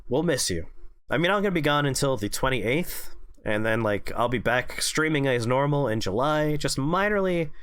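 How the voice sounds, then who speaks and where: A man's voice: mid-range voice, animated, normal speed, a bit bright, clear, resonant tone, no echo, studio quality. A sick young man thinking aloud as he streams a mystery game, musing over his guesses between coughs. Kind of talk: casual let's-play commentary.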